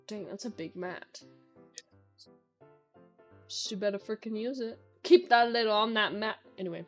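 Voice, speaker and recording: A woman's voice: mid-range voice, measured pace, faint music behind. A young woman streamer in a casual Q&A chat, talking in a chatty way with lots of filler words.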